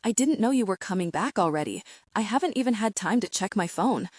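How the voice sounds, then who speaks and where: A woman's voice: medium pitch, expressive, a little fast, a little mellow, no echo, studio quality, natural voice. A woman voicing a headstrong young woman in an audiobook, apologetic at first and later firm.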